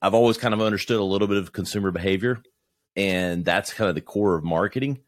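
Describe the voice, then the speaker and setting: A man who is a podcast guest, talking in a reflective, halting way with many restarts. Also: low voice, no room sound. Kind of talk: casual conversation.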